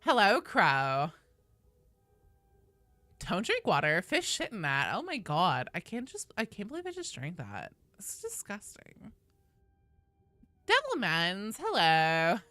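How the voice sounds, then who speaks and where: Lively, bright-voiced woman streamer. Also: medium pitch, moderate pace, few pauses, dry recording. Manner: swears freely, chatty and playful with viewers. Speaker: game streamer. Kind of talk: casual live-stream chat.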